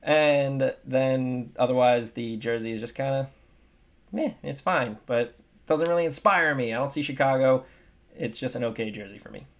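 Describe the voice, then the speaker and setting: A young man giving casual, opinionated sports commentary, animated with emphatic swings in his delivery. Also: medium pitch, moderate pace.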